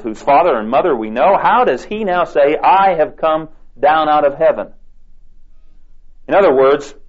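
Man preaching on a dull old tape. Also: medium pitch. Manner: deliberate, emphatic scripture reading. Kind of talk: sermon with scripture reading.

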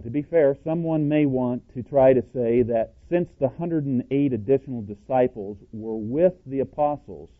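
A plain-spoken, self-described cowboy preacher teaching from scripture in a mid-pitched voice. He is emphatic and keeps quizzing his listeners with rhetorical questions. The sound is thin and tinny, like a phone line. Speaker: Bible teacher. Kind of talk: scripture-based sermon teaching.

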